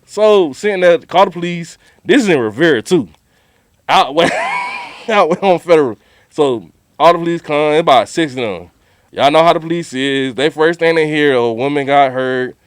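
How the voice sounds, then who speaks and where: A man co-hosting a podcast, telling a story in animated, slangy casual talk and acting out quotes. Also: fairly high pitch, normal speed, clean tone, dry recording, studio quality. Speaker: podcast co-host.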